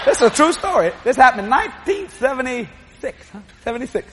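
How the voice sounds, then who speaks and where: A middle-aged man preaching a sermon, telling lively stories with laughing asides. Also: very high-pitched, fairly quick, few pauses. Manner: storytelling, animated, laughing asides.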